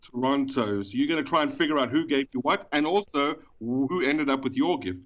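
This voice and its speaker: South African man on a dull, lo-fi line. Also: medium pitch. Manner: explanatory, with frequent pauses and fillers. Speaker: guest, event organizer. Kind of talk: podcast interview. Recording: dull, lo-fi sound.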